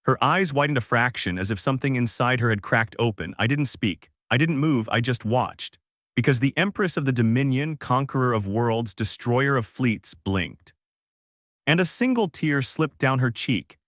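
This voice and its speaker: A man giving measured, dramatic first-person narration of a sci-fi story. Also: mid-range voice, expressive, fairly bright tone, no room sound, clean studio sound.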